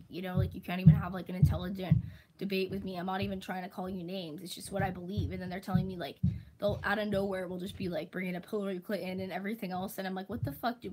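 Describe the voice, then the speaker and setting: A young woman talks straight to the camera in a casual, mid-pitched rant. She swears freely, packs her sentences with "like", and slips into goofy mocking voices when quoting the people annoying her. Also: noisy background. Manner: exasperated, profane, heavy use of "like", mocking impressions of critics. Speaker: vlogger. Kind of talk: casual ranting monologue.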